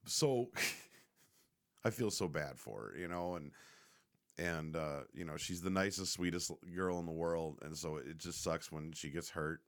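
A man with a very low, deep voice tells a rambling story in casual vlog style. His pitch swings widely as he jokes and swears his way through it, loose and unpolished. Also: lively intonation, measured pace. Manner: rambling, heavily profane, joking.

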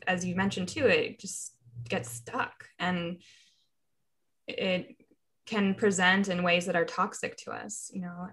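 Bright, enthusiastic woman in conversation. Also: on the low side. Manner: warm, affirming listener, enthusiastic. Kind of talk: casual conversation.

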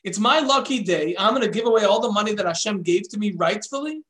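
A man's voice: high-pitched, lively intonation, fast, a bit bright, roomy sound. A man voicing a poor finder who apologizes but insists on keeping the money. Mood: apologetic. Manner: apologetic, self-justifying.

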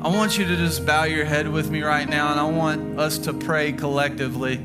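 A man in his thirties preaches a sermon, telling stories and driving points home with slow, deliberate emphasis. His voice sits a little high for a man. Music plays clearly behind him throughout. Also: steady tone. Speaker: pastor.

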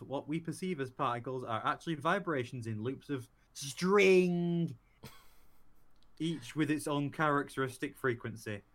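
A man's voice: a little high, a bit bright. A young man co-hosting a podcast, joking, swearing and laughing often in casual banter. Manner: laughs a lot, swears, jokey and rambling. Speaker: podcast co-host.

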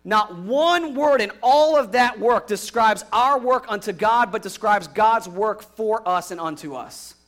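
A young pastor preaches in a slightly high voice. He is earnest, pushing some lines out with emphasis and dropping others to a near hush. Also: animated, a little slow, hardly any pauses. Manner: earnest, swings from emphatic to quiet and hushed. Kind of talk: sermon.

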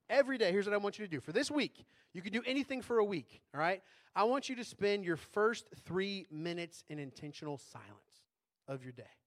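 A man preaching a sermon as a pastor in a conversational way, often checking in with tag questions. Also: high voice.

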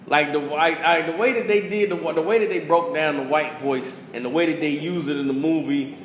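Guy chatting about a movie, acts out the lines, bit high voice, roomy echo, faint hiss. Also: a little fast. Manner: animated storytelling, acts out quotes. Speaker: podcast host. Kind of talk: casual chat, movie rundown.

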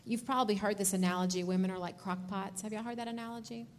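A woman's voice: mid-range voice, steady tone, quick pace. A woman teaching couples at a marriage seminar, speaking directly and often checking in with "okay?".

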